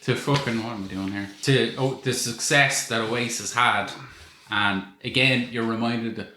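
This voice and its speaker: Sweary man, bright tense voice. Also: medium pitch, normal speed. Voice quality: sweary, wry storytelling. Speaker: podcast co-host. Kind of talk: casual film review chat. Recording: echoey room with faint noise.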